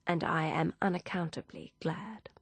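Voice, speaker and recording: Low, gravelly woman narrating a novel. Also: no room sound. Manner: steady, measured storytelling. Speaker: audiobook narrator. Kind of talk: scripted narration.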